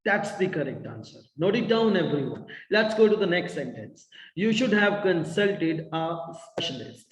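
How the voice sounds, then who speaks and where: A man's voice: fairly high pitch, very animated, moderate pace, hardly any pauses. A man teaching an online English class, encouraging students and repeating his praise. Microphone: video call. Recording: echoey room with long reverb.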